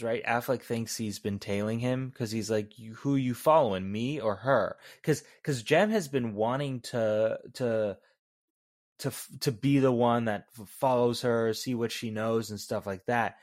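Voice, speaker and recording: A man's voice: medium pitch, a little slow, darkish tone. Casual, profane male podcast co-host. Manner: loose, profane, conversational. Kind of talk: casual film review chat.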